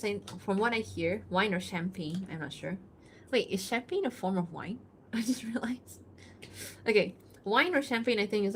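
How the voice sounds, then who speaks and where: Woman streamer, easy chat with viewers, giggles a lot, mid-pitched, faint background hiss. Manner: chatty, giggles often, thinks aloud with fillers. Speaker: livestreaming artist. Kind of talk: casual chat reading and answering chat.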